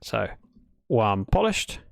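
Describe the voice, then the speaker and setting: A man's voice: fairly low pitch, big pitch swings, slow pace, creaky. A man chatting casually while livestreaming a building game, playfully telling dad jokes to his chat.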